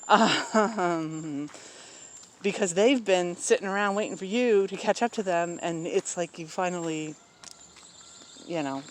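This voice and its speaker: A man talking casually and candidly about his personal life, rambling with many pauses and blunt asides. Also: high-pitched. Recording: faint outdoor noise with crickets.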